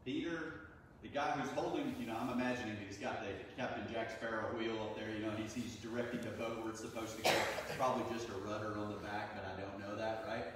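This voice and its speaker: A man's voice: fairly low pitch, steady tone, fast talker, noisy background. A man preaching a sermon as a pastor in a conversational, storytelling way, acting out the voices of people in the stories. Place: church sanctuary. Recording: echoey room from far off, faint ambience.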